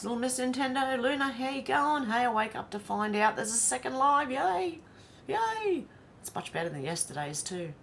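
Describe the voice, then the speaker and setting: A woman's voice: mid-range voice, a bit bright, slight background noise. A woman from Australia with an Australian accent, hosting a live stream in a casual, chatty way, often laughing to herself as she reads out viewer comments. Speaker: livestream host.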